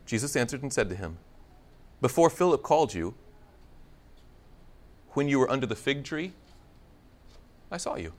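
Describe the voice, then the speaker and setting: A man's voice: medium pitch, moderate pace, long pauses. A man preaching a conversational sermon, acting out scripture dialogue with playful humor. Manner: conversational, animated, acts out biblical dialogue with humor.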